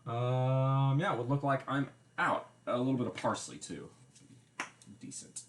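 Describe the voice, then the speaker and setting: A man's voice: medium pitch, unhurried, reverberant, slight background noise. A man hosting a casual cooking livestream, chatty and explaining each step with wry asides, recorded in a home kitchen. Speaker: livestream host.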